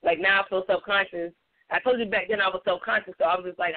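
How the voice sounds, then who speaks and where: A woman co-hosts a casual radio talk show, giggly, candid, and fast-talking. Her mid-range voice keeps fairly even intonation, and the recording sounds tinny, like a phone line.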